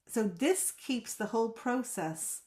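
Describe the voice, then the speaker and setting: A woman's voice: on the high side, animated, slow pace, a little mellow. A woman coaching a group on a live video call, explaining at length. She often repeats and restarts words and checks whether listeners follow.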